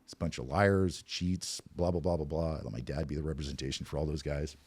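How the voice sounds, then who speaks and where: A man with an extremely low, husky voice speaks as a podcast guest. He tells his story candidly and with self-deprecating humor, and he is animated as he speaks. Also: fast talker. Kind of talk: personal recovery storytelling.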